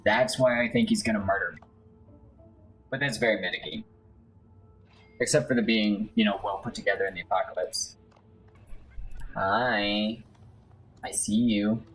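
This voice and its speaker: A man's voice: on the low side, fairly quick, pauses often, fairly bright tone, soft background music, rough recording. A man casually commenting on his game play with wry, self-deprecating asides. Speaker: let's play host.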